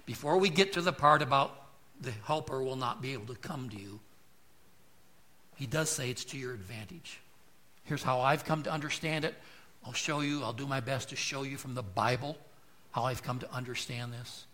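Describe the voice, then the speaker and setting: A pastor preaching a sermon with emphatic rhetorical questions, his loudness swelling and dropping. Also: mid-range voice, normal speed, long pauses.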